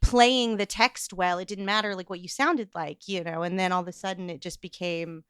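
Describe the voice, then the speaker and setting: A woman with a Midwestern accent and a lisp, chatting on a podcast with a lot of animation. Her voice is bright and smooth, and her pitch bounces around freely. The sound is close and dry. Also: steady tone, normal speed, no echo. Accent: Midwestern American. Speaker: podcast co-host. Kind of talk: casual podcast chat.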